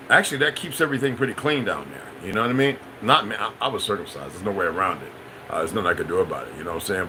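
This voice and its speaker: Bright-voiced man rambling on a livestream. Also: mid-range voice, a little hiss or hum, rough recording. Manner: loose, meandering, repeats phrases, addresses viewers as y'all. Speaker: livestream host. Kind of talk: rambling livestream monologue, answering chat.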